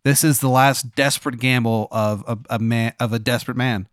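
A man playing his character in a comedic role-play game, incredulous and deadpan, full of questions. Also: medium pitch, fairly quick, no echo, studio quality. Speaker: player.

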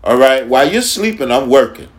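A man's voice: medium pitch, sing-song, fairly quick. A man hosting a casual sports talk podcast, speaking emphatically and repeating phrases for effect. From Long Island, New York. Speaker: podcast host.

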